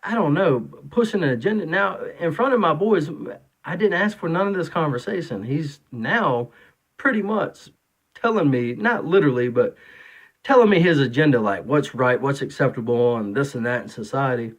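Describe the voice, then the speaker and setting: A man's voice: fairly high pitch, animated, moderate pace. A man in his thirties, a father of three, talking casually and rambling through an opinion monologue, full of fillers and restarts.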